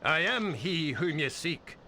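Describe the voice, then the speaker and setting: A man's voice: a little high, animated, a little slow, bright, forceful tone, a little hiss or hum, full character voice. An actor playing a fawning, theatrical old man in a video game, talking in a flowery, dramatic way. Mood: pleading. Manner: flowery, eager to please, dramatic gasps.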